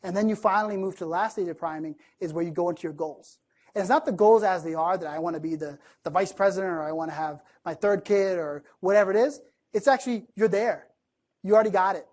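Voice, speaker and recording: A man's voice: sits high, quick pace, darkish tone. Guy doing a motivational talk to a room, chatty, keeps asking right?, acts out little quotes. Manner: acts out sample lines in quoted voices. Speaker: motivational speaker. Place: room with a live audience.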